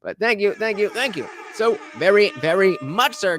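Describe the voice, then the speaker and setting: A man reacting to a podcast on a live stream, chatting casually and loudly shouting out donors. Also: high voice, normal speed, faint music behind. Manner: loud animated shout-outs to donors.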